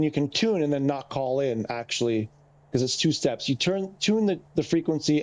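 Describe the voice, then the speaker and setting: A man giving casual gameplay commentary into a headset mic. His voice sits a little high for a man. He explains things at length, with restarts and side remarks along the way. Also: a little mellow. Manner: chatty, explanatory, wandering asides. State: slightly winded. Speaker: streamer.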